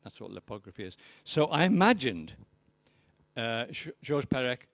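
A man's voice: medium pitch, sing-song, moderate pace, no room sound. A poet giving a reading of his poems with anecdotes, chatty and wry, full of ums and uhs.

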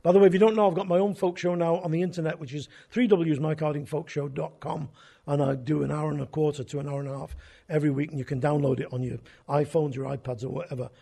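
A man's voice: fairly high pitch, steady tone, fast talker, vocal fry, mellow, slightly rough. An older man, a folk show host telling wry, rambling anecdotes in a conversational way. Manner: wry, conversational, drifting tangents. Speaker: folk radio host and storyteller. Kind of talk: anecdotal storytelling.

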